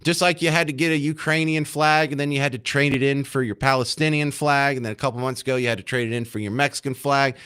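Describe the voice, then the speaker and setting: A man's voice: mid-range voice, fairly even intonation, fast talker, hardly any pauses, a bit bright, smooth. Sarcastic male talk radio host. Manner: sarcastic, mocking.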